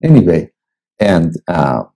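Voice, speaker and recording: A male pastor reading and preaching a devotional in a slow, deliberate way with long pauses. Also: low voice, very animated, warm tone, rough recording. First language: Persian.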